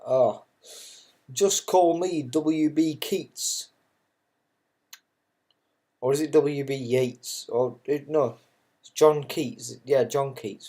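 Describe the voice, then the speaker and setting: Mellow-voiced man doing casual darts commentary. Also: mid-range voice, very slow, long pauses. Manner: swears freely, ranting asides; chatty and self-mocking.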